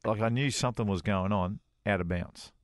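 A middle-aged man spins a lively yarn on a casual radio chat show, jumping into other people's voices as he quotes them. His voice sits at an ordinary pitch and sounds dry and close, with no room around it. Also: brisk, no room sound. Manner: animated anecdote-teller, voices other people. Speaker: co-host, former touring golf pro.

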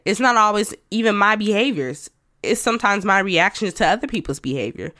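A woman's voice: mid-range voice, animated, a little fast, sharp tone, no room sound, clean studio sound. A woman hosting her own podcast, talking candidly and conversationally about herself, with self-talk asides and light laughs. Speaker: podcast host. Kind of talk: personal reflective monologue.

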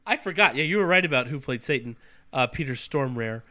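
A man's voice: mid-range voice, expressive, a little fast, pushed and bright. A man co-hosting a podcast in casual chat, riffing with jokey, sarcastic asides. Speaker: podcast co-host.

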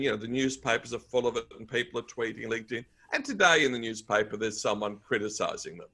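A man's voice: mid-range voice, bright, forceful tone. Upbeat Australian man telling stories. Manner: upbeat, anecdotal storyteller. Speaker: guest, author and speaker. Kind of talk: conversational interview.

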